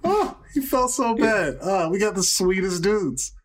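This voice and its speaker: High, husky man teasing with giggles. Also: animated, measured pace. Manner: taunting, giggly, loud teasing. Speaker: co-host. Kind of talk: improvised comedy banter.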